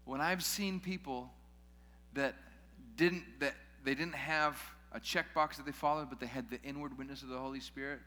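Bright-voiced male preacher in echoing hall. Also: mid-range voice, fairly even intonation, normal speed. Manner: casual, joking asides to the crowd. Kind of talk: sermon. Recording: long hall reverb.

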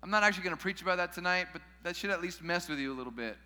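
A man's voice: high voice, lively intonation, very fast, bright, forceful tone. A man preaching a sermon in a casual way, with joking asides to his listeners. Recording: long hall reverb.

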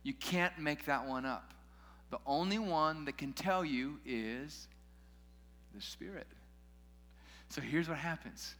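Slowly and in a relaxed, conversational style, a man preaches to his congregation, tossing joking asides to the crowd. His somewhat high voice has a bright, forceful edge and rings out with long reverb in a large church hall.

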